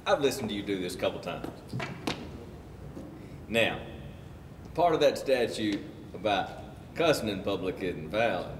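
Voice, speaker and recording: A man's voice: on the low side, animated, normal speed, long pauses. A man in the audience calling out joking remarks to the speaker. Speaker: audience member. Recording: distant echoey hall, noisy.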